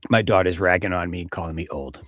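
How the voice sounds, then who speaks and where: A man's voice: low-pitched, steady tone, fairly quick, fairly bright tone, no room sound, studio quality. A middle-aged man hosting a podcast, talking casually and rambling, swearing and joking at his own expense. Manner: rambling, profane, self-deprecating. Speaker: podcast host. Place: home studio with a close mic.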